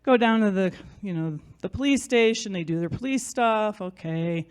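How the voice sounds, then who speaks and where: A woman's voice: mid-range voice, animated, moderate pace, darkish tone, clear, resonant tone. A woman telling a personal story in front of an audience, chatty and self-mocking, acting out what other people said.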